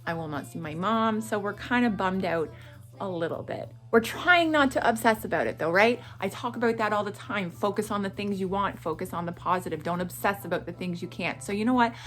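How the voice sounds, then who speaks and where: A middle-aged woman from Atlantic Canada chatting through a morning vlog in an animated way. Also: medium pitch, a little fast, soft background music. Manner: animated and chatty, with frequent laughs and self-talk asides. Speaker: vlogger.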